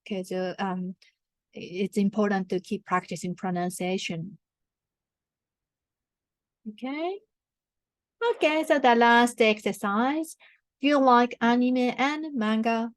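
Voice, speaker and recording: A Japanese-accented woman tutor speaks with a fairly high voice, patiently modelling short phrases for learners to repeat. Her voice sits close and dry, with no room sound around it. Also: slow pace, pauses often, no room sound. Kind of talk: grammar lesson.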